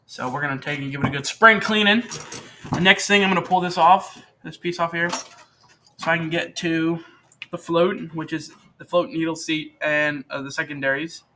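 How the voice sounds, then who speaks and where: Teen male host, fairly high and bright, rambling chatty tutorial at his workbench, faint tool clatter behind. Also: steady tone, normal speed, slight background noise. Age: teens. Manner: rambling, chatty, corrects himself often. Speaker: channel host demonstrating repair. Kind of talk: casual how-to demonstration.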